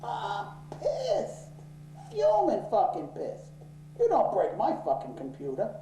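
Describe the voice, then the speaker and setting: Dark-voiced, profane storytelling man. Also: sits high, wildly swooping pitch, takes it slowly, a little hiss or hum. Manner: swears freely, gets worked up and loud in anger. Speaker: interviewee, office owner. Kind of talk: profane, animated storytelling in an interview. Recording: roomy echo.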